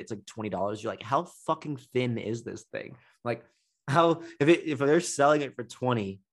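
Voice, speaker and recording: A man hosting a podcast, ranting in a casual, profane storytelling monologue. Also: medium pitch. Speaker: podcast host.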